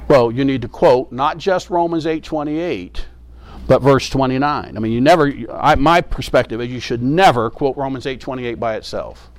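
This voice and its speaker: A man delivering a sermon with earnest emphasis, coming back to his key phrases again and again. His voice sits at an ordinary middle pitch and is recorded dry and close, with no room sound. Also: normal speed, no echo. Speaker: preacher.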